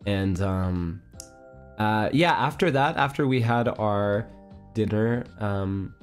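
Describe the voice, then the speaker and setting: A man's voice: fairly low pitch, slow pace, clear, resonant tone, soft background music. A man streamer telling a story in a casual chat stream. He rambles, fills his talk with fillers, and giggles often.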